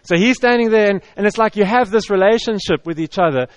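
A man with a high voice preaches a sermon in a loose, chatty way. He repeats himself and stumbles over restarts. The sound is close and dry. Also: fast, no room sound. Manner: conversational, repetitive, with stammered restarts. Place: church hall with audience.

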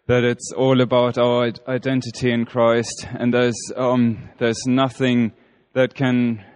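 A man's voice: medium pitch, monotone, measured pace, a little mellow, clear, resonant tone. A man giving a short, hesitant talk at a church service, with fillers and restarts. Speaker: church speaker.

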